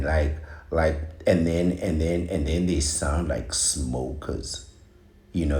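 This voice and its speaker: A man's voice: extremely low pitch, darkish tone, echoey room. A man hosting a podcast, giving an opinionated, mocking monologue with repeated exclamations. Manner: ranting, mocking, repetitive exclamations. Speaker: podcast host.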